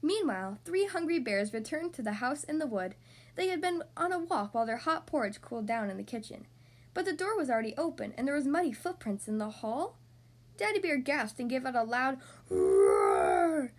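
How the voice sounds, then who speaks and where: A woman hosting a podcast, reading a storybook aloud to young children in an expressive, animated way. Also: high-pitched, fairly quick.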